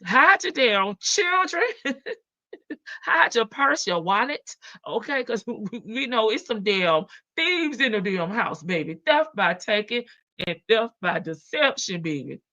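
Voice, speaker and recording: Sassy woman live-stream host, bright voice, brash and profane, dull lo-fi audio. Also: on the high side, very animated, a little slow, no room sound. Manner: sassy, brash, swears freely and laughs often. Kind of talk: casual live-stream commentary. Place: home in Las Vegas.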